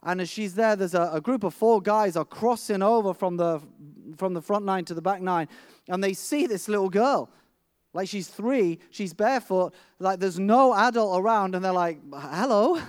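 A man's voice: high voice, normal speed, clean tone, no echo, studio quality. A middle-aged man preaching a sermon, telling a vivid personal story with frequent restarts.

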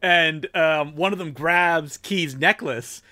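A man's voice: a little high, slow pace, pushed and bright, dry recording, studio quality. A man co-hosting a movie podcast, chatting casually and jokingly, laughing often and slipping into silly character voices. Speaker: podcast co-host. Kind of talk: casual movie review chat.

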